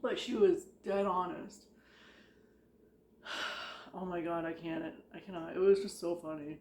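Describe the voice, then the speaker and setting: A woman's voice: fairly low pitch, steady tone, a little slow, a little mellow. Woman, vlogger, casual storytelling, rambling and chatty, lots of "like", laughs often, echoey room. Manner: chatty, rambling, heavy use of "like", frequent laughter. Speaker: vlogger recounting retail work stories.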